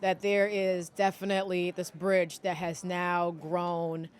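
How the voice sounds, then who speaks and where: Animated woman podcast host. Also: lowish voice, slow. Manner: animated, expressive, frequent affirmations. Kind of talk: interview conversation.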